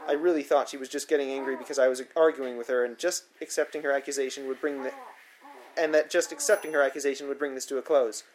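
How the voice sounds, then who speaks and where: A man's voice: medium pitch, fairly even intonation, fast talker. A man narrating his own memoir in the first person, with a dry, wry, matter-of-fact delivery.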